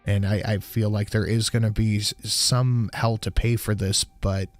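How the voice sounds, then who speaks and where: A man's voice: on the low side, flat delivery, unhurried, faint music behind. Sarcastic, swearing live stream host, man. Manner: casual, sarcastic, swears freely.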